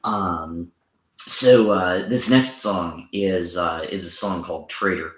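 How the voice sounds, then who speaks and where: Deep-voiced man, hesitant livestream chat. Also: slow pace. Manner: hesitant, many fillers and restarts. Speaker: teacher and livestream host performing song covers. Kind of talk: casual livestream chat between songs. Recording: roomy echo with faint music.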